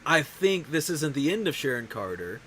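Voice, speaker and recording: Guy hosting a chat show, rambling, keeps restarting, a bit high voice, faint hiss behind. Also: sing-song, normal speed, a bit bright, rough recording. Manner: rambling, self-interrupting. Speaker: show host. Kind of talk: casual chat.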